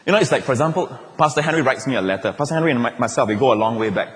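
A pastor, preaching a lively sermon with jokes and playful asides. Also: male voice, medium pitch, racing, few pauses. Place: large church auditorium. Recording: long reverb of a large hall.

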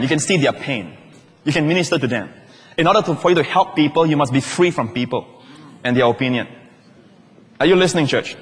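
In a big room, a man with a fairly high pitch delivers a spirited sermon. The pastor calls for amens, speaks asides to the congregation, and asks whether they're listening.

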